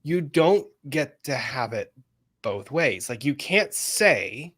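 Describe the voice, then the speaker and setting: A man with a medium-pitched voice hosts a live commentary chat, cutting in to react and keep things moving. He rants with animated energy and speaks straight to his audience. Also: slow. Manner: animated, interrupts, ranty, talks to viewers. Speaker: livestream host.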